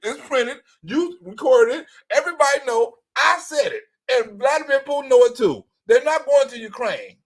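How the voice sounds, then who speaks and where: A man's voice: extremely high pitch, expressive, moderate pace, few pauses, voice pushed up, rough recording. A man voicing a blunt, boastful older male politician who repeats himself defiantly and swears.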